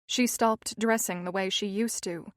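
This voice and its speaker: A woman narrating a thriller audiobook in an even, measured reading style. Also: mid-range voice, dry recording, studio quality.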